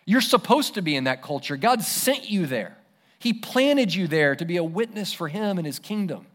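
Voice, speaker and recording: A man voicing the apostle Paul as an earnest, emphatic speaker addressing a church. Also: on the high side.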